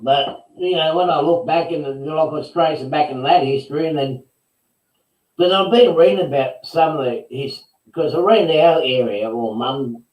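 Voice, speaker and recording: A man's voice: a little high, moderate pace, darkish tone. A man chatting casually on a hobby show, agreeable and chiming in with short replies. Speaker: co-host of a hobby chat. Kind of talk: casual chat. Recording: echoey, distant from the mic.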